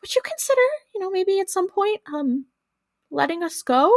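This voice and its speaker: A woman's voice: very high voice, very animated, moderate pace, dry recording, pitched above the performer's own voice, exaggerated voice. A woman voicing a frightened grandfather held hostage, talking in a nervous, pleading, stammering way. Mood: placating.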